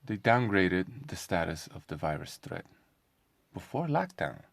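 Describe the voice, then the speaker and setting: A man's voice: low voice, big pitch swings, a little slow, creaky, dry recording. A man talking in a casual commentary vlog, sarcastic and combative, firing off rhetorical questions. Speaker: online commentator.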